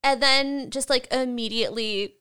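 A chatty woman co-hosting a recap podcast, with a bright, clear and smooth voice. She talks casually, laughs often and slips into the characters' lines as she retells scenes. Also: sits high, normal speed. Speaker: podcast co-host.

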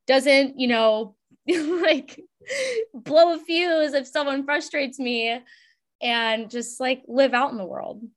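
A woman's voice: on the high side, a bit bright. A young woman hosting a podcast, chatting in a bubbly, rambling way with lots of "like". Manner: bubbly, chatty, heavy use of "like". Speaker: podcast host. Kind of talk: casual podcast conversation.

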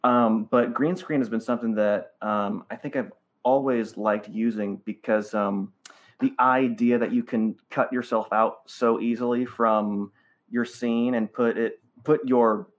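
A man's voice: medium pitch, fairly even intonation, unhurried. A male comedian guesting on a podcast, rambling and self-deprecating with lots of fillers. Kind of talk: casual podcast chat.

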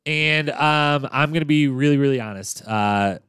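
A podcast host with a higher, fairly bright, clear and resonant voice chats casually through a TV episode recap at a moderate pace. He's upbeat and loose, using fillers and restarting sentences, recorded in studio quality with no echo.

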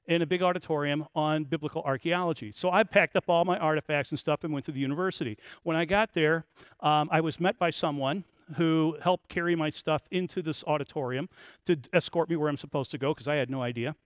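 A man's voice: fairly high pitch, brisk, smooth, dry recording. A man giving a talk on biblical archaeology, telling a story to an audience and rising to emphatic peaks.

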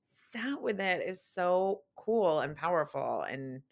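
A woman's voice: on the low side, animated, slow, gravelly. A woman hosting a casual chat, speaking enthusiastically and affirmingly with casual swearing. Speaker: podcast host.

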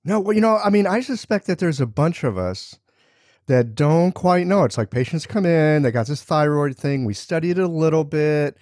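A man's voice: on the high side, lively intonation, moderate pace, darkish tone, dry recording, clean studio sound. A man hosting a casual interview, asking curious follow-up questions. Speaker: podcast host.

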